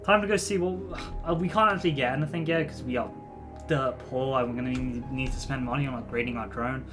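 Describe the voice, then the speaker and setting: A man's voice: mid-range voice, fast talker, over music. A male streamer giving casual gameplay commentary, rambling and restarting his sentences. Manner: rambling, trails off and restarts a lot.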